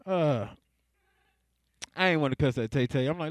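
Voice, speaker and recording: A young man performing stand-up in an easy, laid-back way, chuckling to himself between jokes. His voice sits a bit high for a man and sounds close and dry. He stretches out his punchlines. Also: big pitch swings, moderate pace, pauses often, dry recording. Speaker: stand-up comedian. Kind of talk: stand-up comedy set.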